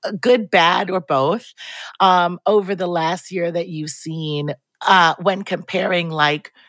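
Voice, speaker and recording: A woman's voice: lowish voice, fairly even intonation, slow pace, a bit bright, dry recording. A woman hosting an interview, chatty and enthusiastic, acting out little quotes as she talks. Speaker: podcast host. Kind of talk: casual interview chat.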